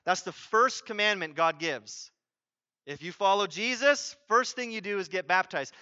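A man preaches a sermon in a high, bright voice. He is conversational and emphatic, acting out what people say. The sound is dry and slightly dull. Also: normal speed, no room sound. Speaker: pastor.

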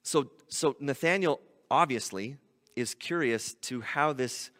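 Bright-voiced preacher in a reverberant hall. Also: male voice, mid-range voice, a little slow. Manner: conversational, explains scripture with rhetorical questions. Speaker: pastor. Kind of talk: expository sermon.

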